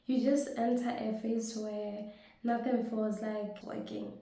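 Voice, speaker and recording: Woman with a flu, husky and hoarse, mellow tone, super echoey room, earnest motivational chat. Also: a little high, little pitch movement, slow pace. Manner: earnest, keeps asking "right?" to the audience. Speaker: motivational speaker and business coach. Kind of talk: motivational talk to camera.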